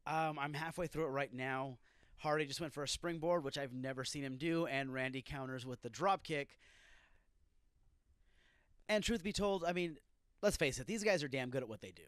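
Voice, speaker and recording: A man's voice: fairly high pitch, normal speed, fairly bright tone, clear, resonant tone, dry recording, studio quality. A man hosting a solo wrestling review podcast, ranting and swearing as he reacts to a show. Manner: profane, ranting, irritated outbursts. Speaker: podcast host.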